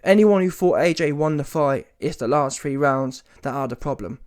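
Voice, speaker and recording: A man's voice: a little high, normal speed. A man giving a ranting reaction commentary on a boxing match, casual and slangy, emphatic and often mocking. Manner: animated, emphatic, rises to mocking shouts; casual street slang, swears.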